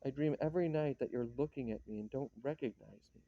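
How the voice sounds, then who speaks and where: A man's voice: medium pitch, fast, no room sound, phone-quality sound, lightly acted. A man reading a play, voicing a lovesick young writer who stammers and pleads. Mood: yearning. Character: lovesick young male writer, anguished and bitter.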